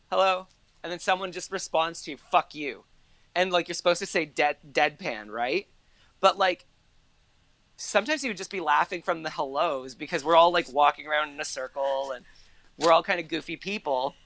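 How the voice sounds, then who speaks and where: A man's voice: a little high, bright, forceful tone, dry recording. A man in his thirties, a guest on an interview show, telling stories in a chatty, casual way with lots of "like" and easy swearing. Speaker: interview guest, actor and former court reporter. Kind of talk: casual conversational storytelling.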